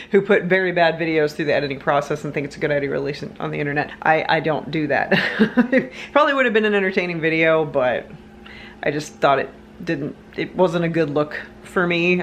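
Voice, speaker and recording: A woman's voice: deep voice, a little hiss or hum. A young woman talking casually to her viewers in a home vlog, chatty and rambling, sometimes frustrated. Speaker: vlogger. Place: indoors at home, lying on the floor.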